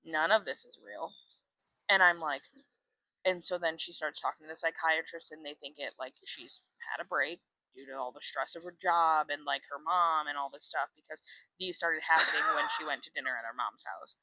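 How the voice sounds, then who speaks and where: A woman co-hosting a podcast retells a book's plot in casual chat, animatedly acting out the characters' lines and swearing freely. Her voice is deep and her speed normal, on a dry, rough recording.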